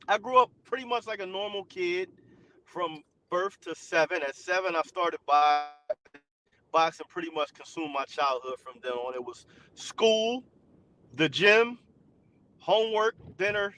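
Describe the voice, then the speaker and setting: A man's voice: fairly high pitch, a bit bright, slight background noise. A middle-aged man from New Jersey, a boxing trainer, telling his story as a podcast guest. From New Jersey, USA. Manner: reflective, storytelling. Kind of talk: podcast interview.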